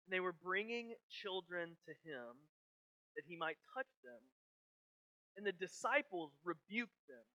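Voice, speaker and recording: A man in his thirties preaching a sermon, earnest, sometimes dropping very soft in prayerful moments. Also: high-pitched, sing-song, a little slow, lo-fi sound. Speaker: pastor.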